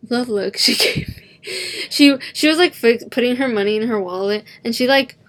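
A woman's voice: fairly high pitch, normal speed, fairly bright tone, a little hiss or hum. A young adult woman telling a story in a casual chat, leaning on "like" as a filler. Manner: chatty, heavy use of "like" as filler.

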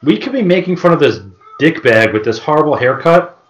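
A man's voice: a little high, sing-song, a little fast, reverberant, highs cut off. A man co-hosting a podcast, trading crude, mocking banter. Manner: profane, mocking, puts on silly voices. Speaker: podcast co-host.

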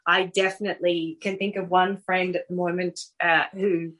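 A middle-aged Australian woman, appearing as a guest author on a casual podcast interview, tells stories with animation, warmth and laughter. Her pitch is fairly low and her pace moderate.

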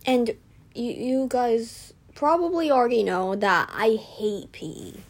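Slow-talking teenage girl venting. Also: on the high side, lively intonation. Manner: chatty, self-deprecating, rambling with fillers; indignant, venting. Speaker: vlogger. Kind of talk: casual storytime vlog.

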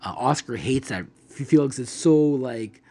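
A man chatting casually about an old comedy film, halting with many restarts and fillers. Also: mid-range voice, expressive, a little mellow, husky.

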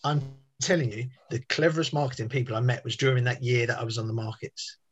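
A man with a mid-range voice speaks quickly as a podcast guest, telling a rambling story in casual chat. He's talkative, restarting sentences and wandering off on tangents.

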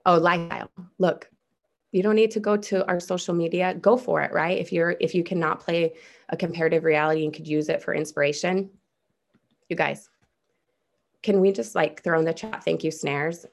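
A woman's voice: lowish voice, fairly even intonation, normal speed, creaky. A woman presenting a social media training on a video call, upbeat and chatty, often saying "you guys". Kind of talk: casual motivational training.

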